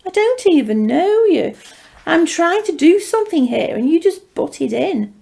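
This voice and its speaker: A woman's voice: very high-pitched, big pitch swings, measured pace, gravelly, dark tone, pitched above the performer's own voice, heavily acted. A woman voicing a rude, defensive young woman dabbling in witchcraft, curt and scornful.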